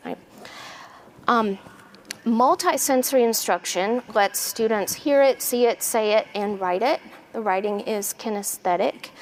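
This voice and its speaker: Casting: American woman, literacy lecturer addressing teachers, schoolroom clarity, a touch higher voice, light room hiss. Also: low-quality recording. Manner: teacherly, clear, checks in with "right?"; slows and stretches words when modeling sounds. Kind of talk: seminar lecture with a spelling demonstration.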